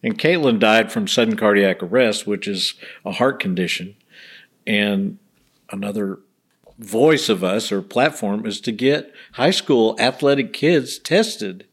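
A man's voice: fairly low pitch, unhurried, husky. A middle-aged man, a bereaved father telling earnest stories in a casual interview and acting out the people he quotes. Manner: earnest, acts out quoted voices.

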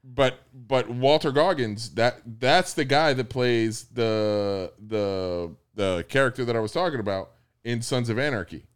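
A man's voice: mid-range voice, measured pace, smooth. Rambling, profane podcast co-host man. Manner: rambling, profane, lots of restarts. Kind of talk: casual chat.

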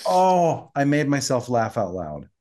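Male podcast co-host; animated, conversational storyteller who slips into the characters' lines. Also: medium pitch, unhurried. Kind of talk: casual chat, recapping an episode.

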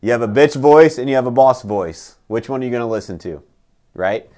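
A man's voice: mid-range voice, lively intonation, a little fast, a little mellow. A man hosting a casual motivational talk, emphatic and blunt, who swears and keeps asking "right?".

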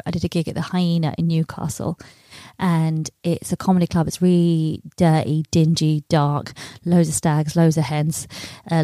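Low, mellow-voiced woman telling stories. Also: dry recording. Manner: chatty, self-deprecating, swears casually. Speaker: touring stand-up comedian. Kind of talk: casual storytelling to camera.

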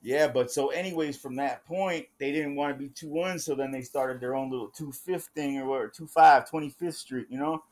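A man's voice: mid-range voice, fairly quick, hardly any pauses, a little mellow. A man telling street stories in a casual podcast chat, profane and full of slang, acting out the voices of people in his tales. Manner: profane street slang, says "bro" often; acts out quoted voices in the stories. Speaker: podcast guest or co-host.

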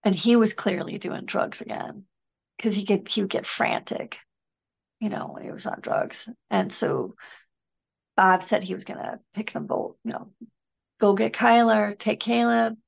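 A middle-aged woman, a podcast guest, recounting a personal story in an earnest, halting, emotional way. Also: medium pitch, vocal fry, highs cut off.

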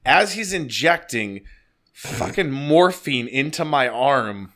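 Profane, animated storytelling man. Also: mid-range voice, slow pace. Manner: profane, animated, laughing as he tells it. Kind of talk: casual storytelling.

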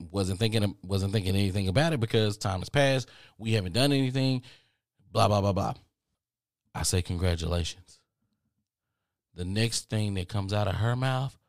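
A man's voice: mid-range voice, no room sound. This is a male podcast host recounting a comedic story from his own life. His voice leaps up and down as he gets worked up, and he is profane and incredulous throughout. The sound is close and dry, with no room around it. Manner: animated, profane, exasperated.

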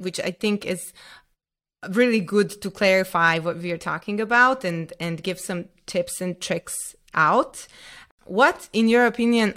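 A woman hosting an interview, asking thoughtful questions with a few hesitant pauses over a remote call. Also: mid-range voice, a bit bright. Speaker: interview host.

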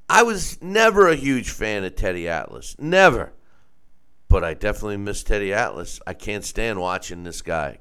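A man's voice: on the low side, a bit bright, clean tone. A man hosting a casual boxing commentary show, giving blunt, opinionated takes.

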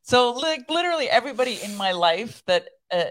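A woman's voice: on the high side, sing-song, brisk, fairly bright tone. A woman co-hosting a faith podcast, chatting earnestly and leading a prayer. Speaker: podcast co-host. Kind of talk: casual chat and spoken prayer.

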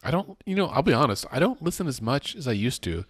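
A man's voice: medium pitch, sing-song, quick pace, fairly bright tone, husky, no echo, clean studio sound. A man co-hosting a podcast, chatting casually about policy news with rambling asides and jokes. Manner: rambling, self-correcting, joking. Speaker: podcast co-host.

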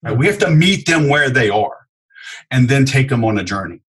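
Animated husky-voiced man telling sales stories. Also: mid-range voice, normal speed, rough recording. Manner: animated storyteller, acts out customer dialogue. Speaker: sales expert guest. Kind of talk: podcast interview.

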